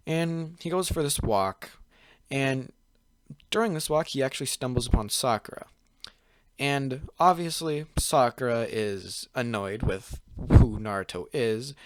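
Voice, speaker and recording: A man's voice: mid-range voice, fairly bright tone, no echo. A young man hosting his channel, casually retelling a fan-fiction story in a rambling way, leaning on fillers and restarting his sentences. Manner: rambling, full of "pretty much" and "like", frequent restarts. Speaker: channel host.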